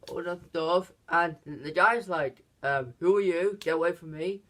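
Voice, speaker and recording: A movie reviewer recapping a film's plot in casual talk, halting and full of restarts, acting out quoted lines in higher voices. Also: fairly bright tone. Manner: halting, many fillers and restarts.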